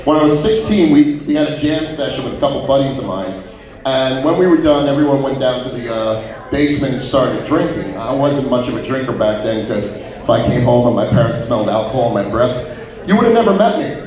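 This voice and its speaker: A man's voice: medium pitch, animated, a little fast, a crowd in the background. A man doing a stand-up comedy set, telling profane stories and acting out quotes in different voices. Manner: profane storytelling with many acted-out quotes. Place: live comedy venue. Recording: roomy venue sound from far off.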